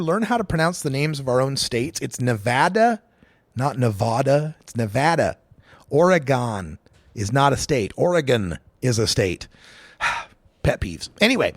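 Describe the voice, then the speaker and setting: A man's voice: fairly high pitch, a bit bright, no echo. A middle-aged man from Idaho, hosting a talk radio show and giving emphatic, opinionated political commentary with sarcastic asides.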